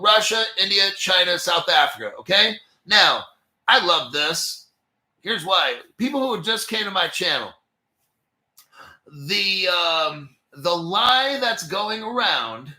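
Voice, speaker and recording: A man's voice: sits high, very animated, slow, bright, forceful tone, roomy sound. A man hosting a casual crypto commentary video, talking in a hyped, jokey way and swearing often. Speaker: crypto channel host.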